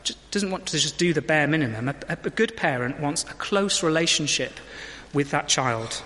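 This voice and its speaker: A man's voice: on the high side, lively intonation, moderate pace, bright, forceful tone, long reverb tail. A man giving a conversational sermon in a church, reading scripture and asking the congregation questions. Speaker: preacher.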